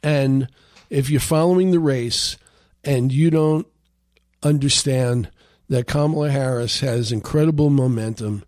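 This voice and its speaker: A man's voice: a little high, a little mellow, dry recording. A man hosting a political talk radio show, giving his commentary in a loose, conversational monologue full of "you know" and "uh". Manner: conversational, many fillers and restarts.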